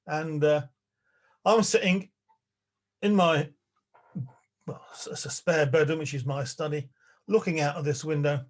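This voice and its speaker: This is an older man giving a public talk from the spare bedroom he uses as a study. His voice sits a little high for a man. He talks in a wry, chatty way, chuckling now and then. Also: fairly even intonation, measured pace, pauses often. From England. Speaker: lecturer.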